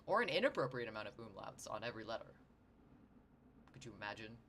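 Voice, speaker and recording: A man's voice: lowish voice, big pitch swings, fast talker, creaky, a bit bright, a little hiss or hum. A man streaming his drawing session, rambling and joking with his chat. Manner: rambling, jokey, talks to chat. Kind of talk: casual livestream chat while sketching.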